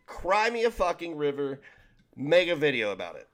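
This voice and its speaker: A man's voice: a little high, big pitch swings, moderate pace, a bit bright. A man hosting a commentary channel, ranting in an exasperated, profane way about a clip he is reacting to. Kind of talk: reaction rant.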